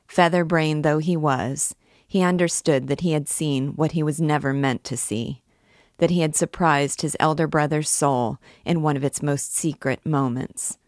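A woman reads a classic novel aloud in a low voice, steady and expressive. The sound is dry and close, with no room around it. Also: dry recording. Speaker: reader.

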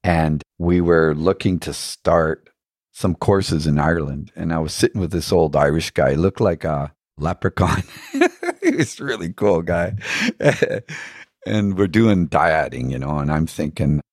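Low husky man musing earnestly. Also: animated, unhurried, a little mellow, no echo, clean studio sound. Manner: earnest, musing, asks himself questions. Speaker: interview guest. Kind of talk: reflective spiritual storytelling.

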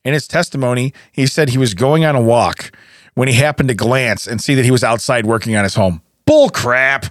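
A man's voice: mid-range voice, brisk, no room sound. A man co-hosting a casual comedy podcast, laughing often as he tells stories, recorded on a studio mic. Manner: laughs often, animated storytelling. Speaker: podcast co-host.

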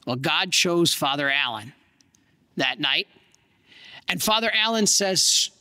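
Earnest priest preaching in a reverberant hall. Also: male voice, on the high side, expressive, bright, forceful tone. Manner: earnest, dramatic storytelling with pauses. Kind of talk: sermon storytelling.

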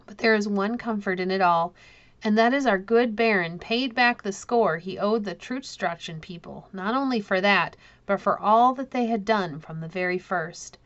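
A woman's voice: mid-range voice, normal speed, fairly bright tone, no echo, lo-fi sound, close to an everyday voice. Woman reading as a wistful old servant woman. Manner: wistful, reminiscing.

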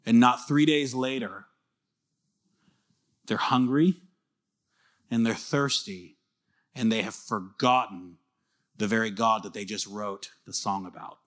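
A pastor preaching a sermon in a lively, conversational way, often asking the listeners questions. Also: male voice, on the low side, slow, pauses often. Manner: casual fillers and restarts.

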